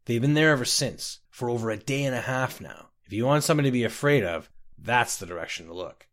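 A man's voice: medium pitch, animated, fairly quick, fairly bright tone. A man voicing an uneasy male Breton traveler who speaks in an ominous, warning way.

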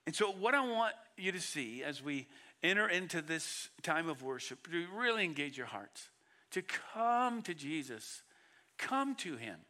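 A man preaching a sermon as a pastor, earnest, moving between loud emphatic bursts and hushed low passages, often repeating his words. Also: very animated, measured pace. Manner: frequent repeated words and restarts.

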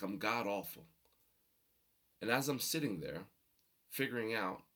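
A young man telling personal stories to an audience, animated and humorous, building to emphatic points. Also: on the low side, breathy edge. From New Jersey. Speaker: motivational storyteller. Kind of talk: storytelling talk to an audience.

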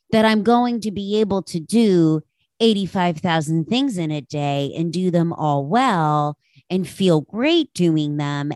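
A woman podcast host speaks slowly, in a lowish voice, confiding a frank personal story to her listeners. She pokes fun at herself and swears freely. The sound is close and dry, with no room echo. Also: a little mellow. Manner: candid, self-deprecating storyteller. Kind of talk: casual personal monologue.

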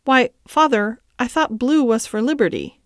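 A woman voicing a spirited young boy who stands up hotly for his sister, in a clear storybook reading. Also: a little high, normal speed, no room sound, clean studio sound, pitched above the performer's own voice, close to an everyday voice. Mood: indignant. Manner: indignant.

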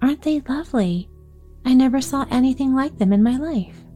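A woman's voice: high voice, animated, normal speed, warm tone, faint music behind, voice pushed up. A woman voicing a sweet, sickly little girl who speaks eagerly and politely. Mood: delighted.

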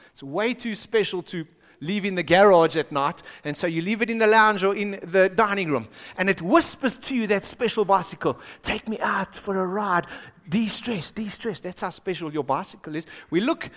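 Dramatic South African pastor in a reverberant hall. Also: male voice, sits high, expressive, normal speed, few pauses. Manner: dramatic, swings from hushed to shouting. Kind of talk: sermon. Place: church auditorium. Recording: long reverb of a large church hall.

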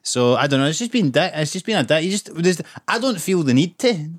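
A man's voice: a little high, expressive, fairly quick. A man with a Scottish accent co-hosting a podcast, who talks in a blunt, teasing way. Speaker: podcast co-host. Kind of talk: casual podcast chat.

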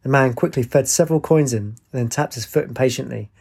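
A man narrating an audiobook in an even, measured way. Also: mid-range voice, vocal fry, husky.

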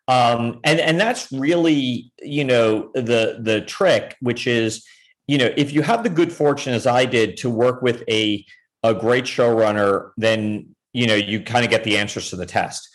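A man who is a TV showrunner, answering interview questions candidly, rambling with many restarts and self-deprecating asides. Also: normal speed. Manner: self-deprecating, pitch jumps up on emphatic points. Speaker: TV showrunner, podcast guest.

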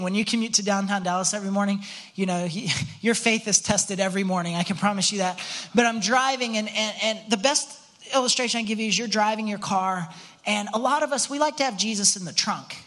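A man's voice: high-pitched, fairly bright tone. A man pastor delivering a conversational sermon in church, earnest, asking the congregation rhetorical questions and often restarting his words. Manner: frequent restarts and repeated words. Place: church on a Sunday morning.

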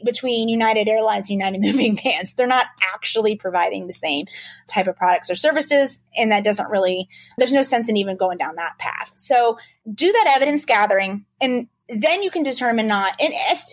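A woman lawyer explaining trademark issues quickly and animatedly in a casual podcast interview. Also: on the high side, no echo. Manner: fast-talking, animated, explanatory.

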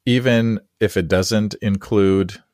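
Low-voiced rambling male podcast host. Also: fairly even intonation, slow, a little mellow, no room sound, clean studio sound. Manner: rambling storyteller who acts out quotes and laughs easily. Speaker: podcast host and Presbyterian pastor. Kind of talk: conversational interview. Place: San Diego area.

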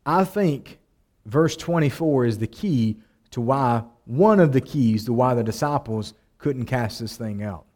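A male pastor preaching a sermon, repeating his phrases and climbing to loud, emotional appeals. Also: mid-range voice, unhurried. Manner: preaching, voice rising to near-shouting in emotional appeals.

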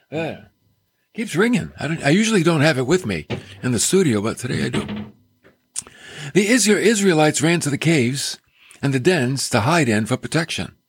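A man hosting a radio Bible teaching from a studio, folksy and animated, with joking asides. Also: on the high side, normal speed, long pauses, husky, no room sound. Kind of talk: radio sermon.

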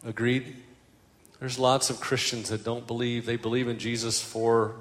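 Older man, pastor, storytelling sermon, self-deprecating humor, mid-pitched voice, long hall reverb. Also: level tone, normal speed.

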